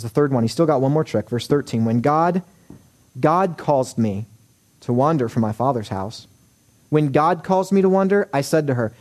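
A man preaching in an earnest, emphatic way, building to rising exhortations. His voice is mellow and warm, sitting in an ordinary middle register. He sounds middle-aged. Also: medium pitch. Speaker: pastor. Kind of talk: sermon.

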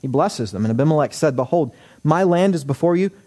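A man's voice: fairly high pitch, expressive, brisk, dark tone. A man preaching a sermon, earnest and emphatic, with rising exhortations. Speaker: pastor.

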